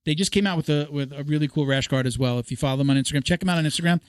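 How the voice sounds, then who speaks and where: A man hosting a casual podcast, rambling through sponsor shout-outs and laughing often. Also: a little high, rapid-fire, smooth, no room sound. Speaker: podcast host. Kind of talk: casual podcast chat reading sponsor reads. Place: studio.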